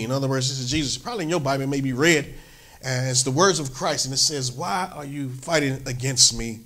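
A man's voice: medium pitch, lively intonation, brisk, a bit bright. A man preaching a sermon as pastor, emphatic, peppering his talk with "amen" and lifting his voice when he reads scripture aloud.

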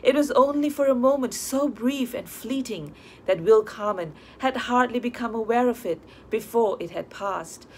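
A woman narrating an audiobook of a short story, reading in a measured, expressive way. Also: fairly high pitch, slight background noise.

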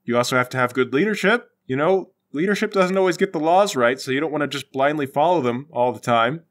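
A man's voice: fairly high pitch, fast, fairly bright tone. A man playing in a tabletop game, responding with dry, wry jokes in casual chat. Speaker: player.

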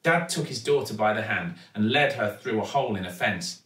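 A man with an English accent reading a children's storybook aloud with steady, expressive storytelling. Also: fairly low pitch, fairly quick, far from the mic. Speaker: actor reading a children's book. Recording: echoey room, voice from off-mic.

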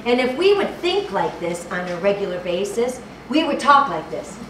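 A woman's voice: mid-range voice, big pitch swings, normal speed. A woman preacher giving a fervent sermon, repeating phrases and fumbling for the right verse. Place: church hall. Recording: echoey hall, distant mic, background noise.

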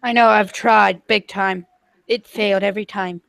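A woman joining a gaming livestream as co-player, making playful, quick remarks in casual chat. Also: medium pitch, fairly even intonation, vocal fry, a bit bright, no echo, rough recording. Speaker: co-player, guest.

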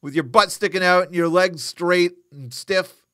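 A man's voice: high voice, unhurried, no echo. A man hosting a live boxing news show, chatting casually, joking and answering viewer comments. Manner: animated, joking, reacting to live chat. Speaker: host.

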